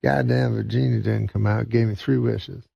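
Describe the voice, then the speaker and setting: A man's voice: medium pitch, steady tone, moderate pace, vocal fry, warm tone, breathy edge, no room sound, highs cut off. A man voicing a boastful billionaire in a bar joke, bragging in a folksy, offhand way.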